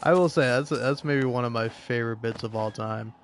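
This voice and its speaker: A man's voice: mid-range voice, brisk, slight background noise. A man giving casual gameplay commentary, rambling with lots of fillers and laughing often. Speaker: gaming video creator.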